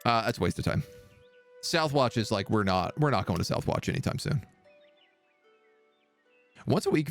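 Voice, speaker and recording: A man streaming a strategy game, musing aloud as he weighs options. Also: lowish voice. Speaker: live streamer. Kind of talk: gameplay commentary. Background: game music.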